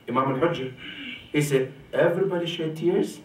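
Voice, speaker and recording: A sheikh gives a religious lecture to a congregation in a mosque or community center hall, at a moderate pace with a bright, forceful tone. He rises sharply on key points, drops low for quotations and keeps asking a rhetorical "right?" The distant mic picks up an echoey hall.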